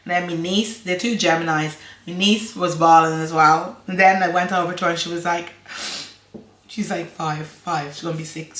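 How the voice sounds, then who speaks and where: Chatty Irish woman with a bright voice. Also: on the low side, fairly even intonation, moderate pace, echoey room. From Ireland. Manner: chatty and rambling, laughs often. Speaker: vlogger. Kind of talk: casual chat to camera.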